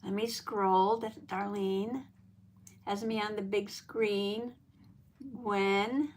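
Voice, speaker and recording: A woman hosting a craft journaling live stream, greeting viewers by name in a folksy, chatty way with soft laughs. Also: medium pitch, level tone, slow, slight background noise. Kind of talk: casual live-stream chat.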